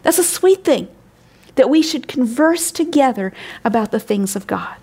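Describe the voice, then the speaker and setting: An older woman with a slightly high, crackly voice teaches from scripture in a devotional talk. She sounds earnest and full of wonder, and her pitch climbs when she stresses a point. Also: lively intonation, moderate pace, warm tone, husky. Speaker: Bible teacher.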